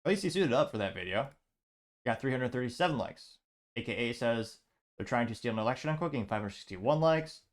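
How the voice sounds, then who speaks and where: A man's voice: mid-range voice, lively intonation, a little fast. A man hosting a show, reading social media posts aloud and adding wry asides. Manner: reads comments out, adds wry asides. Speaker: host.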